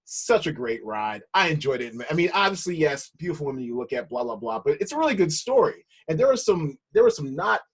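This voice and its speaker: A man's voice: on the high side, very animated, a little fast, few pauses, slightly rough. A man hosting a podcast, talking enthusiastically with frequent stumbling restarts. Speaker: podcast host. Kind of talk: casual podcast chat.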